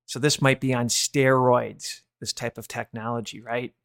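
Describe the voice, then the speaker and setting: Gravelly man in his fifties. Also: medium pitch, little pitch movement, moderate pace, no echo, clean studio sound. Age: 50s. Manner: earnest, confessional, trails off quietly. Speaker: host of a watchman ministry podcast. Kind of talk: casual religious testimony.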